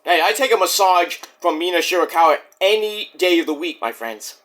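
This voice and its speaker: A man reviewing a wrestling show in a casual solo vlog, excitable and profane, acting out quotes in silly voices. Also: high voice, a little fast.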